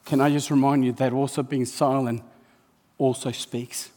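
A male pastor preaching a sermon, swinging between hushed asides and loud emphatic calls. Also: mid-range voice, level tone, moderate pace, in a large hall.

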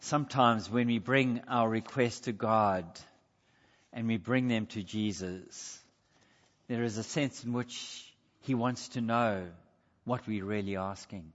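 A man's voice: lowish voice, steady tone, slow. A man preaching a sermon in an earnest, questioning way, with slips and self-corrections. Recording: dull sound with long hall reverb.

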